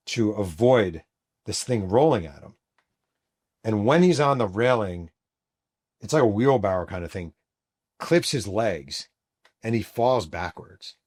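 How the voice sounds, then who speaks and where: A middle-aged man, a show host and author, narrating a true story vividly and acting out the shouts of the people in it. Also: lowish voice.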